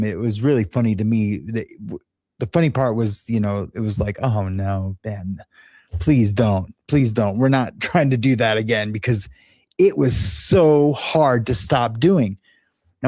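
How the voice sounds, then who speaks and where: With a warm, mid-range voice recorded cleanly and echo-free, a man from Los Angeles hosting a show rambles through an honest story in casual monologue, cracking himself up at his own jokes.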